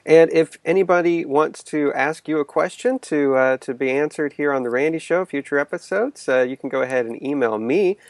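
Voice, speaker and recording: A man's voice: on the high side, normal speed, hardly any pauses, no room sound. Easygoing man co-hosting a podcast. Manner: many "uh" fillers, easygoing. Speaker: podcast co-host. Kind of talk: casual podcast chat.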